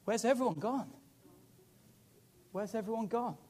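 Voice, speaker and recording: Pastor, male, high-pitched voice, emphatic sermon delivery. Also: unhurried, slightly rough. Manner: emphatic, building to loud preaching.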